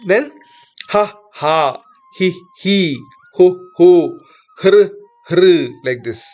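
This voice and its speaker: A teacher speaks at a very unhurried pace, pausing between syllables. The voice sits at a middling pitch and carries a patient, instructive manner. Each sound is drilled in careful pairs, as if for students following along. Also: lively intonation, a little mellow, soft background music. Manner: slow, deliberate drilling, each syllable spoken twice. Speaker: Sanskrit teacher. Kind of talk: recorded language lesson.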